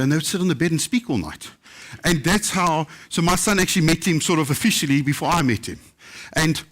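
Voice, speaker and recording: A man's voice: medium pitch, fairly bright tone. A man with a South African English accent telling anecdotes at a book festival, acting out the voices of people he quotes. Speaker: chef telling stories. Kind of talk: live storytelling talk.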